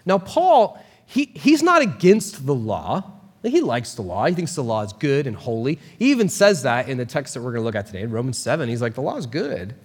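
A man preaching a sermon as a pastor, talking in a casual, animated way with quick asides. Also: medium pitch, breathy edge, long reverb tail.

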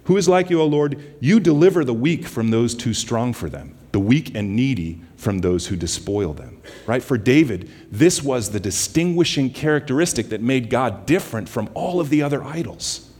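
A man giving a guest sermon in a church, mixing casual stories with slow, softly quoted scripture. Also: mid-range voice, very animated, breathy edge, long reverb tail. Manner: conversational, scripture quotes slowed and softened. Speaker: guest preacher from a justice ministry.

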